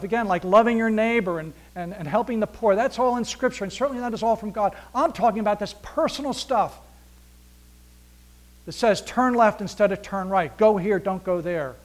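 Pastor guy preaching, fairly high voice, goes loud then drops way down quiet, acts out little back-and-forths. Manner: swings between loud emphasis and near-whispered hushes; acts out dialogue with God, asking rhetorical questions. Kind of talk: sermon.

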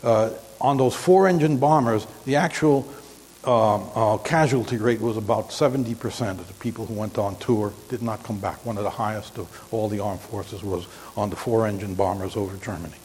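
Older male preacher, mid-pitched, halting storyteller, long hall reverb with faint hiss. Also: darkish tone. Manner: halting, rambling, frequent restarts. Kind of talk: informal sermon storytelling.

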